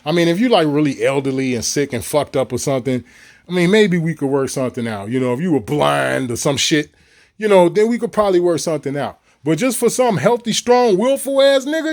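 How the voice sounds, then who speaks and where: High-voiced, profane man ranting. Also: lively intonation, brisk, a little mellow. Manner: profane, heated, repetitive. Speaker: video creator. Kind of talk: ranting monologue to viewers.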